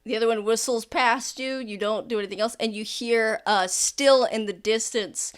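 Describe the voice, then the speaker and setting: A woman narrating as game master in a casual tabletop game, relaxed and chatty with many fillers. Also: on the high side, moderate pace, smooth.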